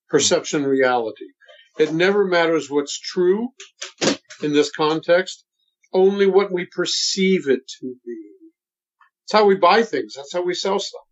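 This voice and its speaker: A man in his seventies, a voice coach, talking in a deliberate and emphatic instructive way during an interview. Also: fairly high pitch, slight background noise. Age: 70s. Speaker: voice coach guest. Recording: dull lo-fi sound.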